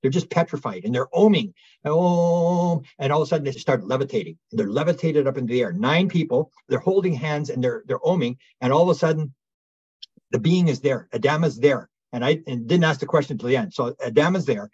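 A man with a husky, breathy voice recounts a story as an interview guest, animated and full of restarts. The sound is dry and close, with a slightly dull, lo-fi tone. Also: mid-range voice, fast talker, no echo. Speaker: guest researcher.

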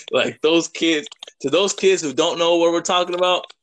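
A man's voice: on the high side, a bit bright. Joking, rambling man with faint hiss. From Mexican-American from the Lake Michigan area. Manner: joking, rambling, laughs often. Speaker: podcast co-host. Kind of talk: casual chat.

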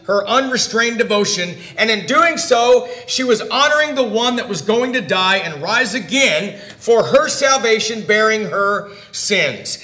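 A man preaching a sermon, putting direct questions to his listeners and swinging between loud emphasis and hushed, quiet lines. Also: high-pitched, echoey room.

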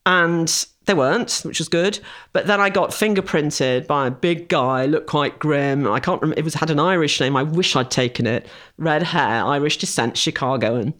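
A middle-aged woman from England, a classicist guest telling stories with animated, laughing delivery. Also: deep voice, normal speed. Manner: animated storytelling with laughs and mimicry. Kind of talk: lively interview conversation.

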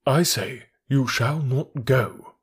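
A man's voice: medium pitch, slow, slightly rough. A man voicing a stubborn, indignant banker in an audiobook, firm and insistent. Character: stubborn, indignant middle-aged male banker. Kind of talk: audiobook character reading.

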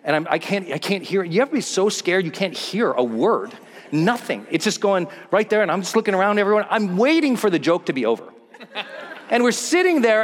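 A man's voice: sits high, big-room sound. A man telling a personal story as a motivational speaker on stage, acting out the scenes. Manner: animated, acts out scenes and voices. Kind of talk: storytelling keynote talk.

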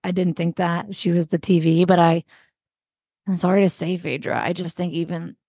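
Low-voiced woman musing on a show. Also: level tone, normal speed, mellow, breathy edge, no echo, studio quality. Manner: reflective, chatty, trailing fillers. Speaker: podcast co-host. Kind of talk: casual chat.

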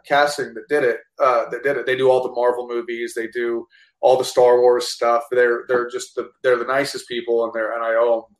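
Fast-talking man in an echoey room. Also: mid-range voice. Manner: animated, profane, full of restarts. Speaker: guest actor. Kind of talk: casual storytelling chat.

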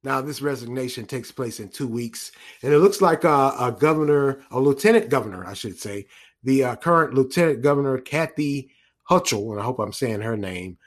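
A man talks through the news in a loose, off-the-cuff way. He restarts his sentences, drifts into asides and chuckles at his own remarks. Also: mid-range voice. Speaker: commentator. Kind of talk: casual news commentary monologue.

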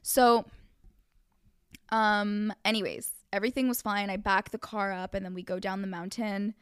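A young woman co-hosting a podcast, telling a story in a lively, animated way with lots of "like.". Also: medium pitch, moderate pace, smooth, no room sound, clean studio sound. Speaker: podcast co-host. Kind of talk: casual chat.

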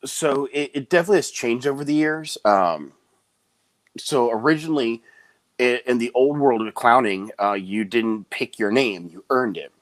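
A clown performer appears as a guest in a casual interview, telling stories with lots of energy. Whenever he quotes someone, he slips into quick, high voices. There's no room sound.

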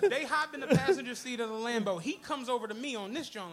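A man, hosting a live podcast show and telling a comic story in an animated, slangy way with frequent laughter. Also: very high voice, fast, hardly any pauses. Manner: animated, laughing, slangy, acts out other people's lines. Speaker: podcast host. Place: comedy club stage.

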